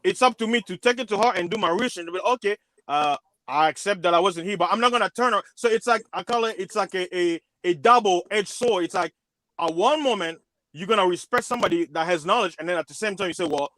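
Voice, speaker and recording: A man's voice: high-pitched, quick pace, sharp tone, no room sound. A man on a discussion panel who argues in long, rambling loops and keeps restarting his sentences. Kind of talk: panel debate.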